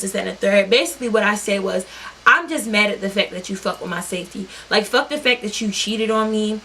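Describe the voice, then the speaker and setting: A young woman telling a story to her viewers in an animated, profane, talk-straight-to-you way. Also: mid-range voice, brisk, slight background noise. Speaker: vlogger. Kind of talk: storytime vlog.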